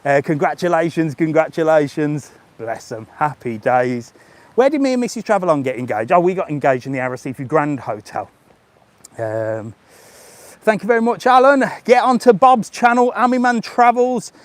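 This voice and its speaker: A middle-aged man talks in a slightly high voice, live-streaming as he strolls outside through a resort. He is chatty and jokey, and he chuckles between remarks, recorded on a small handheld camera. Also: expressive, normal speed. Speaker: travel vlogger. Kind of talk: live-streamed walking vlog. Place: outdoors in a resort hotel grounds. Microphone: handheld gimbal camera.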